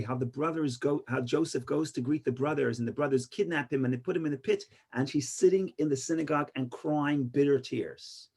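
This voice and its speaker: A man teaching an informal Torah class, an animated storyteller with many restarts who gets loud for punchlines. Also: mid-range voice, slightly rough. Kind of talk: informal Torah lesson with stories and jokes.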